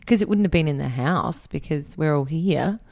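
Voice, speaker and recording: Brief: woman co-host, lively rising-falling voice, slightly low, teasing. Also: moderate pace, vocal fry. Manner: teasing, laughs often. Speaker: podcast co-host. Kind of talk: casual chat.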